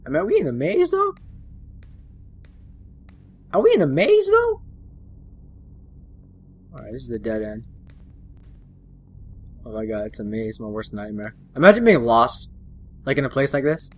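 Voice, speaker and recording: Jumpy, swearing gamer guy with a lively voice. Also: medium pitch, brisk, pauses often. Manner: jumpy, swearing, joking, talks to the game. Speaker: gaming channel host. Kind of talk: horror game let's play commentary.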